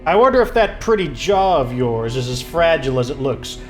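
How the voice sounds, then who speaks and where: A man's voice: on the high side, big pitch swings, fairly quick, soft background music. A man reading a cold, vengeful noble villainess. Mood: menacing. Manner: threatening, sneering. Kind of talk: reading game dialogue aloud.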